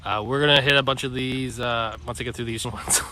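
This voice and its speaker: A man co-hosting a live stream outdoors, reading viewer questions aloud in a halting way. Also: mid-range voice, steady tone, very noisy. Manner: reads out comments and prompts, halting. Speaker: podcast co-host reading viewer comments. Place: outdoors by train tracks.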